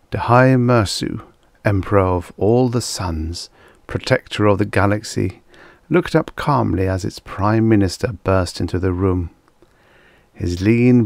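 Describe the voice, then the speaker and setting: Slow, gravelly male audiobook narrator. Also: sits low, dry recording. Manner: measured, deliberate reading.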